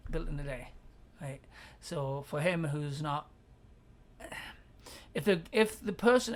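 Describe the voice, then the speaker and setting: A low female voice with vocal fry. She runs a livestream giving advice, swearing freely and speaking bluntly, laughing often while reading out viewer comments.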